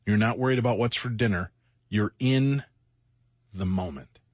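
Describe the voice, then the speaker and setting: A middle-aged man with a husky voice and a dry, close studio sound co-hosts a late-night radio show. He sounds worn out and short on sleep, rambling and reflecting with self-mocking asides. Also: lowish voice, moderate pace, a little mellow, no echo. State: exhausted, sleepless. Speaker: radio co-host.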